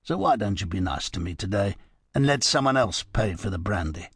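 A man's voice: lowish voice, expressive, brisk, husky, dry recording, studio quality. A man playing a talkative middle-aged barman with a wry, confiding manner.

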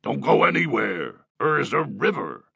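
A man's voice: mid-range voice, very animated, normal speed, vocal fry, fairly bright tone, husky, no echo, heavily acted. A male audiobook narrator voicing a grumpy, irritable caveman father who snaps and grunts. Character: grumpy cursing caveman dad, middle-aged. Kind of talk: audiobook character voice.

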